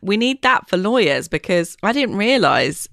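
A woman's voice: mid-range voice, sing-song, moderate pace, creaky, fairly bright tone, no room sound, studio quality. A woman hosting an interview, chatty and sharing her own experiences with her guest. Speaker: host. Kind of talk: interview conversation.

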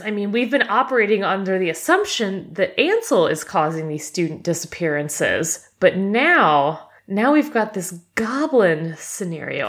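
A woman playing a tabletop game, casually describing her character's actions in a relaxed, easy-laughing way. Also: medium pitch.

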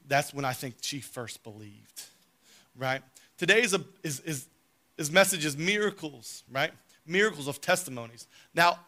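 A man preaching a sermon, telling a family story, then reading scripture aloud with big swings from soft to loud. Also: on the high side.

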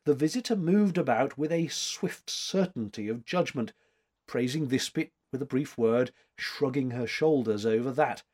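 A man narrating a chapter of a book in a measured, expressive way. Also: mid-range voice, husky. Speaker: audiobook narrator. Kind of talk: scripted narration.

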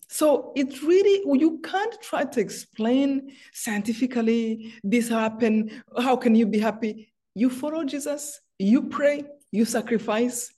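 Speaking in a dark-toned, slightly high voice, a middle-aged author from Rwanda appears as a guest in an interview about faith. She shares heartfelt personal stories and often starts her sentences over.

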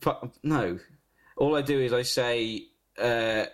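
A man in a casual comedy chat, doing loud, silly celebrity impressions with laughs and swearing. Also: mid-range voice, takes it slowly.

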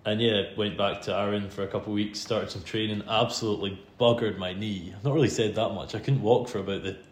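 Man, scottish accent, low-pitched, chatty self-deprecating storyteller, echoey room. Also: steady tone, fast talker. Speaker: podcast host interviewed as guest. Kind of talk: casual storytelling in a podcast interview. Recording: roomy room sound with faint background hum.

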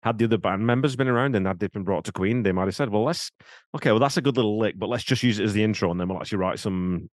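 Fast-talking man co-hosting a podcast. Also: lowish voice, no echo, clean studio sound. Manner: wry, quick, given to laughing. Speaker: podcast co-host. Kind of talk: casual chat.

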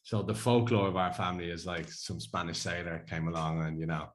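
A man's voice: low voice, fairly quick, a little hiss or hum. An Irish man in his thirties co-hosting a podcast, chatting casually and telling rambling stories with frequent laughter. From Ireland. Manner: rambling storyteller, laughs often. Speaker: podcast co-host. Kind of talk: casual chat.

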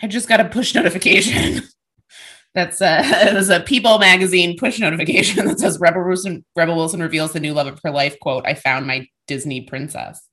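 A woman co-hosting a casual podcast chat, sarcastic and animated with quick asides. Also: on the low side. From Greek-American family. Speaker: podcast co-host.

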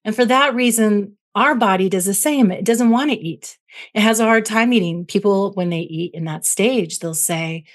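Speaking at a normal speed in a mid-range voice, a clinical psychologist appears as an interview guest. She explains emotions using everyday analogies and keeps checking in with "right?"

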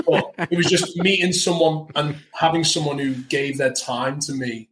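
A man's voice: on the high side, fairly even intonation, unhurried, fairly bright tone, a little hiss or hum. A man from the north of England, an actor guest chatting casually and animatedly in an interview, often restarting his sentences. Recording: roomy echo.

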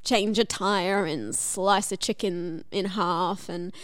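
A woman's voice: mid-range voice, fairly even intonation, takes it slowly. A woman in casual chat, rambling playfully through a story about a wine.

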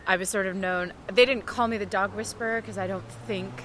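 A woman's voice: medium pitch, steady tone, a little fast, fairly bright tone, slight background noise. A woman guest on a podcast, chatting outdoors by a reservoir in a playful, giggly, chatty way. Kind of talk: casual outdoor chat.

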